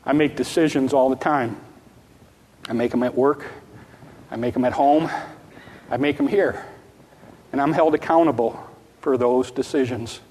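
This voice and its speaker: A man's voice: mid-range voice, fairly even intonation, normal speed, pauses often, a little mellow, breathy edge. A man preaching a sermon, earnest and repetitive, sometimes acting out a child's pleading prayer. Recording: long reverb of a large hall.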